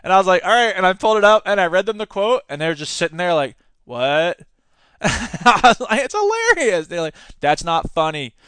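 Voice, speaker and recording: A man's voice: high voice, fast talker, hardly any pauses, fairly bright tone, smooth, dry recording. A man hosting a podcast, giving casual, sarcastic commentary and laughing often as he talks. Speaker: podcast host; teacher.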